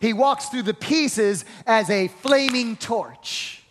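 A male pastor preaching a sermon with energetic rhetorical questions and call-and-response with the congregation. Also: extremely high pitch, slow pace, slight background noise. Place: church hall. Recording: reverberant hall.

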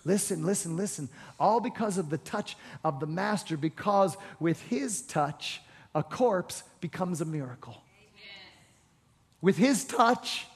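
High-voiced man preaching in a reverberant hall. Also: big pitch swings. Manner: rising to passionate exhortation, repeats phrases, quick asides. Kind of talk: sermon.

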